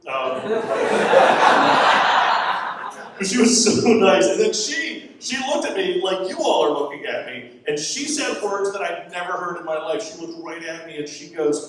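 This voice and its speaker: Recorded from afar in a roomy venue, the audio is very noisy, with audience laughter throughout. A Florida man in his forties performs stand-up, chatty and self-mocking with rambling tangents, his high, expressive voice keeping a measured pace.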